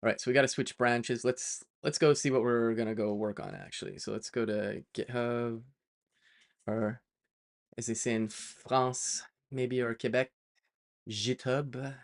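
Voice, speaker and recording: A man talks through his coding work on a live stream in a loose, chatty way, full of "uh" and "like". He corrects himself mid-sentence and drifts off on playful tangents before getting back on track. His voice sits at an ordinary middle pitch for a man. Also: fairly even intonation, normal speed. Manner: chatty, rambling, many fillers and self-corrections; playful, prone to side tangents.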